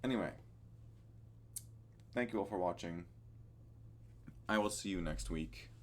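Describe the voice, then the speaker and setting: Young male vlogger with a deep, low voice, casual and meandering, easygoing, pokes fun at himself. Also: measured pace, slight background noise. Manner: rambling, loses his train of thought; easygoing and self-deprecating. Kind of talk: casual weekly recap vlog.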